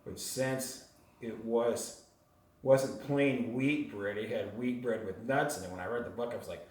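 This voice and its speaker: A man telling a rambling, animated story to a small group in casual chat, laughing often. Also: medium pitch, unhurried. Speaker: retreat guest telling his story. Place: home on a mountain top. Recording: roomy sound from far off.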